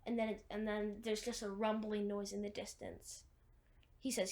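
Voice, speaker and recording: A woman's voice: medium pitch, flat delivery, moderate pace. A woman casually retelling a movie's plot, rambling with lots of fillers and restarts. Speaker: movie recapper.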